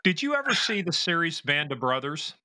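A man's voice: fairly high pitch, very animated, fairly quick, background noise. A man hosting a podcast, chatting casually and swearing now and then. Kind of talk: casual chat.

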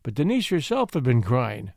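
Male storybook narrator, expressive, measured, dry close recording. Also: medium pitch, vocal fry, no echo.

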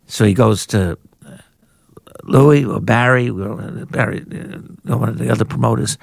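An older man, an author and journalist, telling anecdotes in an animated way in a conversation and jumping into higher voices when he quotes people. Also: normal speed, vocal fry, husky, no echo, studio quality. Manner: animated raconteur, jumps into high-pitched voices for quoted people. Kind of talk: anecdotal storytelling in a podcast conversation.

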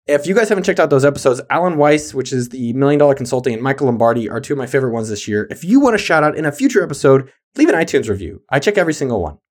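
A man's voice: medium pitch, expressive, racing, hardly any pauses. A man hosting a podcast, reading a hyped, jokey show intro and plugs. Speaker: podcast host.

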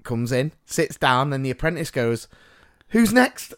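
A man's voice: mid-range voice, normal speed, smooth. A man co-hosting a podcast, telling a story in a casual, self-mocking way and often laughing. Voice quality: animated, self-mocking, laughs through his stories. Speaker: podcast co-host.

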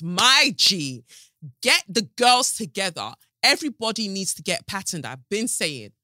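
Sitting on her sofa at home, a woman hosts a podcast, delivering a casual commentary monologue that's emphatic and sassy. Her voice sits on the high side, bright and forceful, captured with clean studio sound and no room echo.

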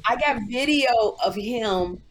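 A woman co-hosting a casual talk show, telling stories in an animated way and mimicking other people's voices. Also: on the high side, slow, slight background noise. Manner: animated storyteller, mimics voices in her anecdotes. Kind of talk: casual chat.

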